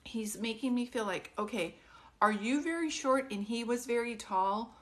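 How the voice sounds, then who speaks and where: A woman working as a psychic medium on a live stream who talks softly and gently, keeps asking questions, and speaks in a casual, chatty way. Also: on the high side, normal speed. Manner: soft, consoling, often asks questions.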